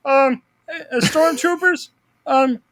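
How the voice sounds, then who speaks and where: A man's voice: very high-pitched, fairly bright tone, dry recording, studio quality, pitched above the performer's own voice, exaggerated voice. A man putting on an impression of a mild, distracted older male film creator who hesitates and says um a lot. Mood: laid-back. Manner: hesitant, halting, full of ums.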